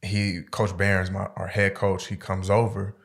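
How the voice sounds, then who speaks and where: Gravelly low-voiced man telling stories. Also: normal speed. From Stockton, California. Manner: profane, slangy, animated storyteller. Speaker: podcast guest. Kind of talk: casual storytelling interview.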